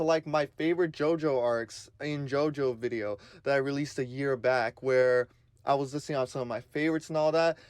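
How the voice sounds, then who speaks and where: A man's voice: mid-range voice, moderate pace, smooth, dry recording, clean studio sound. A man hosting his own channel in casual solo commentary, speaking with a lisp from new braces in an earnest, rambling way.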